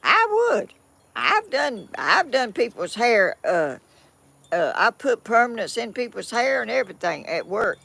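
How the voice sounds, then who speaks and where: An older woman with a Georgia Southern accent, talking at an unhurried pace in a rambling, self-deprecating way. Her pitch swings freely up and down, and her tone comes across bright. She sounds like a grandmother sharing a folksy chat. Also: very animated, vocal fry, husky, dry recording. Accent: Southern American, Georgia. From southern United States. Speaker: vlogger. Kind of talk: casual chat reading viewer comments.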